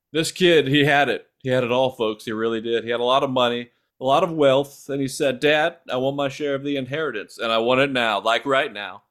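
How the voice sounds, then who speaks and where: A man doing a comic impression of a boastful older male politician, with a lowered, drawling cadence and repeated "folks". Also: close to an everyday voice. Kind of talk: comic impression reading a parody text.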